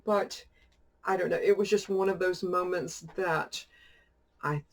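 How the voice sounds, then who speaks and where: A witchcraft YouTuber displays items from a shopping haul, chatting loosely and laughing often as her story drifts along. She speaks unhurriedly, with a lowish voice and a steady tone.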